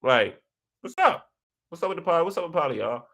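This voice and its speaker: A young man hosting a live chat, reading viewer comments and telling stories in a slangy, animated way. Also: racing. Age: young adult. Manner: animated, slangy storytelling with big pitch jumps. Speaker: host of a live chat session.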